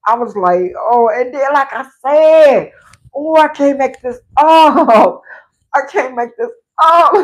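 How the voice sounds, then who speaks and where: A woman's voice: high-pitched, low-quality recording. A woman speaking in a casual, emotional livestream testimony about her faith. Her voice is fervent and tearful. She keeps sliding into a preaching rhythm, addressing listeners directly. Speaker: livestream host sharing a personal faith testimony.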